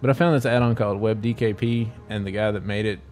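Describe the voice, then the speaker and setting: A man's voice: on the low side, fairly even intonation, fast, darkish tone, faint music behind. A man co-hosting a casual gaming podcast, explaining at length and rambling through asides. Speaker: podcast co-host.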